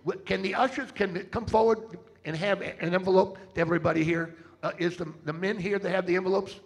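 High, gravelly-voiced male preacher rallying a congregation. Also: fairly even intonation, fast talker. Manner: dramatic storyteller, rallies the crowd with call-outs. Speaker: travelling preacher. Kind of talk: sermon with storytelling and fundraising appeal. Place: church service.

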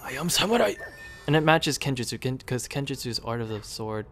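A man's voice: mid-range voice, fairly quick, soft background music. Chatty man narrating his gameplay. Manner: chatty, talks to the game units, sudden excited outbursts. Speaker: gaming video creator. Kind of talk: casual gameplay commentary.

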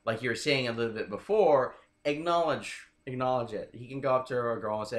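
Talking fairly fast with hardly a pause, a mid-range male voice belongs to a dating coach being interviewed. His casual, chatty explanations are peppered with "right?" check-ins, and the room around him echoes noticeably.

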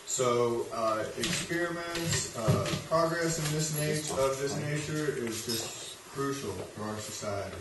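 A man's voice: medium pitch, a little slow, hardly any pauses. A man hosting an event, introducing a speaker in a rambling way with many restarts. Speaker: event host. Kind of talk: casual introduction. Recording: very echoey room from far off, background noise.

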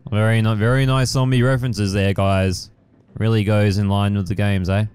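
A young man talks through a video game in loose, casual commentary. He rambles, trails off and swears lightly, filling gaps with ums and likes. His voice sits lowish and sounds very smooth and clear. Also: flat delivery, moderate pace, a little mellow. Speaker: gaming channel host. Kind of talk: casual let's-play commentary.

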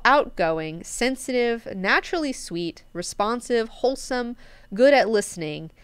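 Fields: woman, book club host. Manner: chatty, profane. Sound: crisp, dry. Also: mid-range voice, fairly bright tone, no echo. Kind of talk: casual book discussion.

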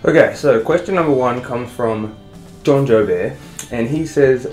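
A man's voice: medium pitch, unhurried, music in the background. Chatty young Australian man, echoey room. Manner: chatty, rambling, enthusiastic. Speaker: marine science vlogger. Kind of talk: casual Q&A vlog.

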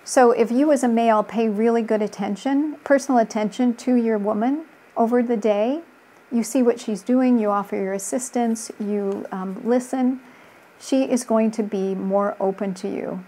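This relationship coach, a middle-aged woman, speaks on the high side at a moderate pace with a mellow tone. In an easygoing interview she earnestly recounts cases from her practice, acting out quoted voices as she goes.

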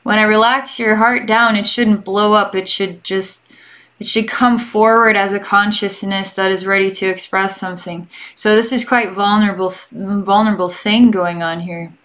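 A young adult woman giving a gentle, chatty energy healing session as a psychic, rambling and often checking in with the listener. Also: medium pitch, steady tone, normal speed. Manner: gentle and reassuring toward the listener. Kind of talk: relaxed guided healing session.

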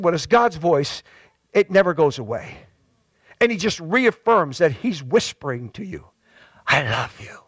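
A male pastor with a New England accent preaching a fervent sermon, stacking repeated words and swelling into shouts. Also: no room sound. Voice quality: high-pitched and impassioned, repeating words as he builds.

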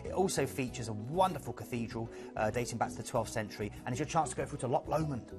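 A man hosts a live TV cruise sales show. He rattles through the ports quickly and with enthusiasm. Music plays clearly behind him. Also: medium pitch, expressive. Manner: enthusiastic, rambling travel descriptions.

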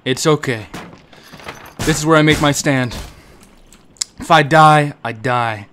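A young man streaming a shooter game, calling out enemy positions in casual, quick bursts. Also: a little high. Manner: quick tactical callouts, bursts of chanted shouting. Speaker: gamer streamer. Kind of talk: casual gaming callouts. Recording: faint background noise.

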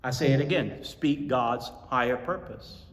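A male pastor preaching a sermon, telling stories with animated energy and repeating lines for emphasis. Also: mid-range voice, measured pace. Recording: echoey hall from far off.

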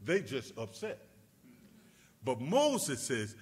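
Husky preacher man, swinging loud to hushed. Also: very animated, takes it slowly, pauses often. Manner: rising to shouts then dropping low and quiet; repeats words, calls out to the congregation. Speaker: pastor. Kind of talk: sermon.

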